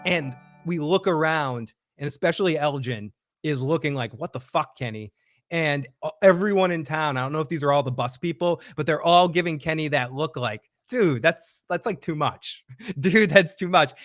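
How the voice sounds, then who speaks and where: A man's voice: fairly high pitch, a bit bright, dry recording. Chatty guy host recapping the episode, does the characters' lines, dry close mic.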